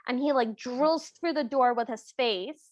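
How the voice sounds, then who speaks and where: A woman co-hosting a podcast with a high, bright-pitched voice, full of wry asides and laughter. The sound is dry and close. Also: unhurried, no echo. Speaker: podcast co-host. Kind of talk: casual podcast chat.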